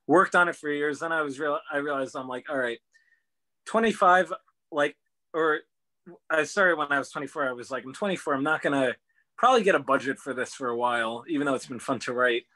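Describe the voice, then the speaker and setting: A man's voice: fairly high pitch, a little fast, bright, forceful tone. A man in his twenties, a guest on a chat show, talking eagerly about his work in a casual, rambling way. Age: 20s. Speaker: podcast guest.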